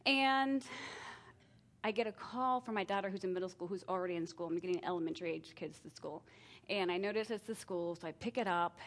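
A middle-aged woman talking casually about parenting and discipline, acting out exchanges with her kids in lively voices and laughing at herself. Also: lowish voice, quick pace, slight background noise. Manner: animated, acts out family exchanges with self-deprecating laughs. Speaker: parenting speaker.

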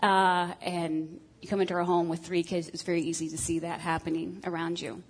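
A woman's voice: on the low side, level tone, fairly quick, husky, poor audio. Frank self-mocking woman talking about marriage. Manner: frank, self-deprecating, with many ums and uhs. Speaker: speaker on marriage. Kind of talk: candid talk to a group of women.

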